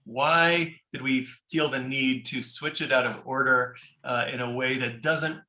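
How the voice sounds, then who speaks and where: Bright-voiced man teaching a class. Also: mid-range voice, fairly even intonation, a little slow, echoey room. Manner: explanatory, often checks in with "right?". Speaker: teacher leading a prayer-book class. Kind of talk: informal class lecture.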